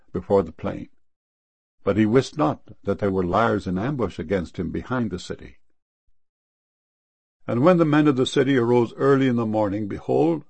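A man reading archaic scripture verses aloud in a steady, measured way. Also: lowish voice, gravelly, husky, dry recording.

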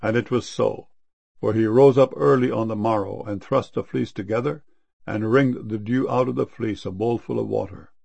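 A man reading archaic scripture verses aloud in a steady, measured way. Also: fairly low pitch, creaky, dry recording.

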